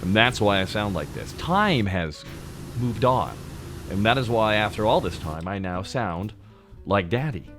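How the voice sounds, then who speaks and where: A man in his thirties with a naturally deep voice, chatting casually and teasingly with his stream audience, close to the mic. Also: big pitch swings, a little slow, music in the background. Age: 30s. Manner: joking, teasing, talks straight to chat. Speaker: VTuber streamer. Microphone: close to the microphone.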